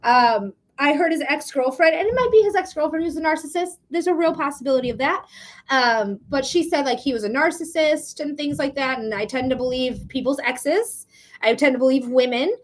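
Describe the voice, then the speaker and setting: A woman's voice: high-pitched, fairly quick. A woman hosting a live psychic reading stream, chatting casually in a blunt, profane way with frequent laughs. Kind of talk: casual livestream chat.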